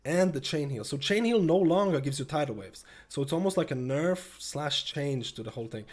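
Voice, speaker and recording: A young man with a slightly stuffy nose, giving casual gameplay commentary that jumps from steady explaining to excited bursts. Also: fairly high pitch, fairly quick. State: slightly stuffy, a little sick. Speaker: gameplay streamer.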